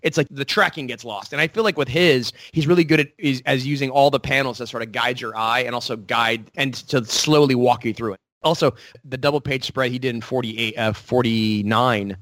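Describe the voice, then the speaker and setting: A man who writes comic books, talking casually in an interview, animated and full of quick restarts and acted-out quotes. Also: mid-range voice, dry recording.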